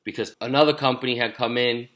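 A man's voice: medium pitch, fairly even intonation, fast talker, a bit bright. A man who owns a pest control company, telling a customer service story in a casual business chat. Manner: storytelling, candid. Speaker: business owner.

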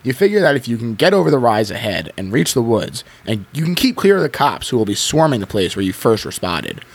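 A man hosting a podcast, reading a choose-your-own-adventure book aloud in an expressive way and breaking off to chat. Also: medium pitch, brisk, creaky, husky. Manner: expressive reading with frequent laughs. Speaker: podcast host.

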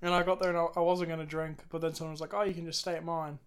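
A man's voice: a little high, little pitch movement, rapid-fire, clean tone. Laid-back young man chatting. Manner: laid-back, short replies. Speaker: podcast co-host. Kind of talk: casual chat.

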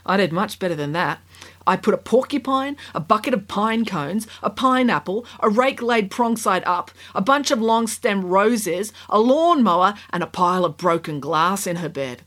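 A woman's voice: medium pitch, expressive, normal speed, a bit bright. A woman voicing a whiny, entitled young prince in a storybook reading, with a petulant, indignant manner.

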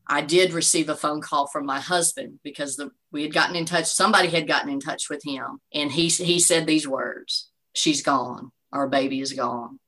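A woman in her forties speaks in a deep register, yet her tone stays bright and forceful. She tells her story as an interview guest, earnest and faith-filled, with many "you know"s. Her manner is heartfelt personal testimony. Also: poor audio. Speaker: guest, bereaved mother.

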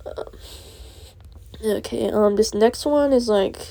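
A woman's voice: on the high side, takes it slowly, vocal fry, mellow. A young woman hosting a casual solo podcast, ranting in a profane, rambling way and laughing through her angry venting. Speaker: podcast host.

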